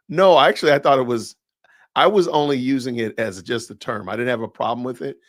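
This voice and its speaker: A man's voice: mid-range voice, fairly quick, no echo, studio quality. A man with a Southern US accent hosting a podcast livestream, talking in a chatty, rambling way that often doubles back on itself. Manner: chatty, rambling, self-correcting. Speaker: podcast host. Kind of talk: casual livestream talk.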